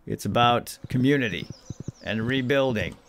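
A man's voice: mid-range voice, moderate pace, vocal fry, a little hiss or hum. A man hosting a let's play, giving casual, jokey gameplay commentary and talking to the game characters.

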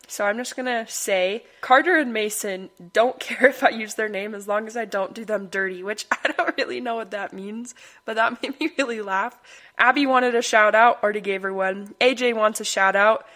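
A woman's voice: medium pitch, moderate pace, fairly bright tone. A young woman hosting her own podcast, talking casually and rambling, often breaking into laughter. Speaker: podcast host. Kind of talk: casual solo podcast monologue.

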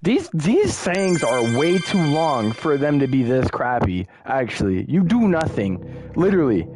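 A young man giving casual, excitable commentary while playing a horror game, muttering one moment and yelling the next. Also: on the high side, measured pace, soft background music. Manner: excitable, swings from muttering to yelling at jump scares. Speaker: gaming streamer.

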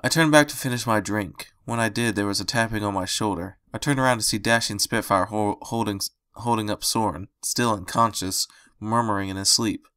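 Male narrator reading fan fiction, lowish and smooth, dry close mic, steady first-person storytelling. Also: brisk, no room sound.

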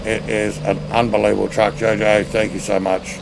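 A man's voice: lowish voice, little pitch movement, moderate pace, gravelly, noisy background. A middle-aged man chatting casually on a live stream while playing a game, cheerfully greeting viewers by name.

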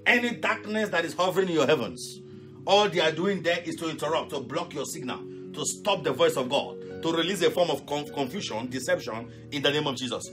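A pastor leading a fervent live prayer sermon, shouting repeated commands and breaking into tongues. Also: male voice, on the high side, a little fast, over music. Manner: speaks in tongues between prayers.

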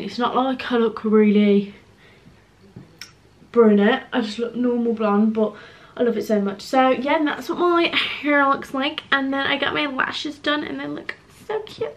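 A young woman, chatting casually to camera in a rambling home vlog. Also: fairly high pitch. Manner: chatty, rambling, drops to a near whisper at times. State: out of breath. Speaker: vlogger. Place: home, indoors.

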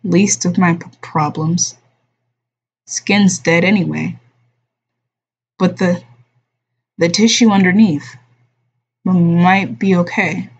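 A badly wounded young man, voiced by a woman reading a novel aloud, forces out rough, halting words between gasps. His voice is strained with pain and slightly breathy. The recording sounds dull and lo-fi. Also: fairly low pitch, steady tone, exaggerated voice. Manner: halting, stammering, gasping words. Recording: dull lo-fi stream audio.

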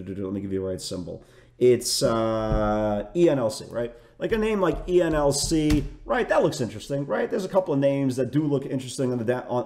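A man's voice: a little high, a little mellow. Chatty man, echoey room. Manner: chatty, repeats "right?" and "again"; self-correcting restarts. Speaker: stock trading educator. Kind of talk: market recap talk.

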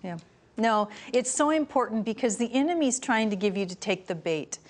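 A middle-aged woman speaking as a guest on a Christian talk show, telling lively stories and acting out what people said. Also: fairly high pitch, normal speed. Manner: animated storytelling, acts out quoted voices.

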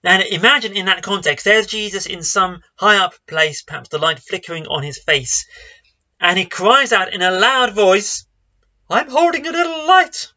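Bright-voiced pastor preaching. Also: male voice, high voice, normal speed, muffled recording. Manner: conversational, self-deprecating humor. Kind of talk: online sermon.

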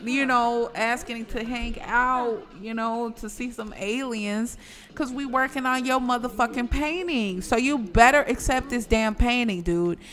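Animated, cursing woman streamer with bright voice. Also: a little high, measured pace. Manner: animated, swearing, talks back at the game characters. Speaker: gaming streamer. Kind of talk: casual gameplay commentary.

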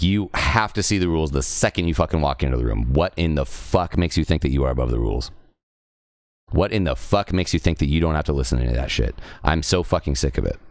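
A man's voice: rumbling low, no echo, clean studio sound. A young man streaming a video game and ranting, profane and exasperated. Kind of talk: heated rant while live-streaming a game.

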